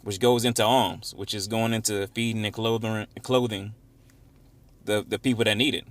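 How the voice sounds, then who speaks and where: A man leading an informal Bible study, reading verses slowly and with emphasis, then explaining them in casual, conversational talk. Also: on the low side, steady tone. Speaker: Bible teacher.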